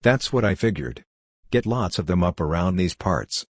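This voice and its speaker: A man's voice: deep voice, expressive, normal speed, dry recording, clean studio sound. A man reading the part of a fat, boisterous cowboy bartender with a blunt, folksy way of talking.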